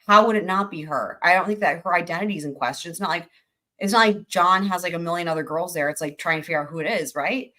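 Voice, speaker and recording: A woman hosting a livestream, reacting to trial testimony in animated, incredulous casual commentary and swearing freely. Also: lowish voice, fast. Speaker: livestream host.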